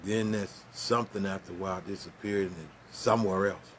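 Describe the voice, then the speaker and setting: A man telling a profane, animated story in casual talk, with laughs and spoken sound effects. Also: low-pitched, brisk, slight background noise.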